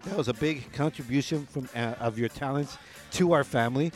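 A middle-aged man co-hosting a radio show, laid-back and laughing often, dropping Spanish phrases into casual shout-outs. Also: mid-range voice, fairly quick, soft background music.

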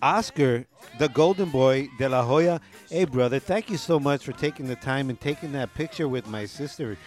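A middle-aged man co-hosting a radio show, laid-back and laughing often, dropping Spanish phrases into casual shout-outs. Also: medium pitch, moderate pace, soft background music.

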